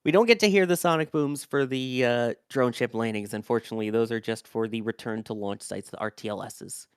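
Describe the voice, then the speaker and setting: A man's voice: medium pitch, a little fast, smooth, no room sound, clean studio sound. A man hosting a live rocket launch stream, chatting casually, reading out viewer messages and thanking the crew.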